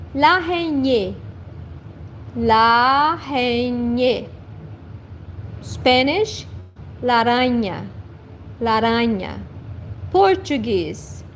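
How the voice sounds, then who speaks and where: A high, lively woman teaches a livestream language lesson at a very slow, careful pace. She says each word twice and stops to correct herself. Faint traffic hums behind her.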